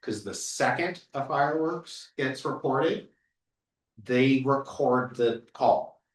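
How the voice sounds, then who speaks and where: A man's voice: medium pitch, slow pace. A man leading a community meeting, talking in a blunt, earnest and emphatic way. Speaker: meeting organizer. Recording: echoey room from far off.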